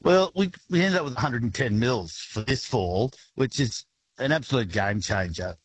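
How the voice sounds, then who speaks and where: A man with an Australian accent, a grain farmer answering a radio interview in a relaxed, halting way with many restarts. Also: mid-range voice, breathy edge, dry recording, rough recording.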